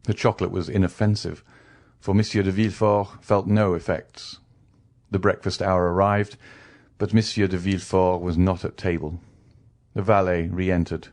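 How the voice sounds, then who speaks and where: A man narrating a classic novel as an audiobook, reading in a measured way. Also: low-pitched, level tone, a little mellow. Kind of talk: scripted narration.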